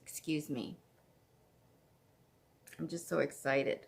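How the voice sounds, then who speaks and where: A woman from Canada hosting a craft podcast at home, chatting casually in a gushing, excitable way. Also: sits low, unhurried, gravelly. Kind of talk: casual chat.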